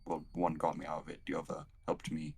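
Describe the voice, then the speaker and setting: Deep voiced guy in a tabletop game, soft and halting, keeps stopping and restarting. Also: monotone, creaky, breathy edge. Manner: hesitant, halting, soft-spoken. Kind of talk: in-character roleplay and table chat.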